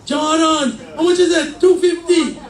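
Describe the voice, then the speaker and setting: A man preaching a fervent sermon in a church, shouting his points with call and response. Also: extremely high pitch, flat delivery, measured pace. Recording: echoey church mic from far off.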